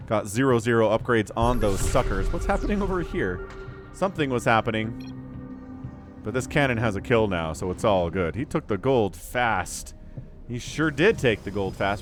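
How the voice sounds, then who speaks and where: A man casting a strategy game match, jokey and excitable, reading viewers' chat aloud as he goes. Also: medium pitch. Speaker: game caster. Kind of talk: lively esports commentary.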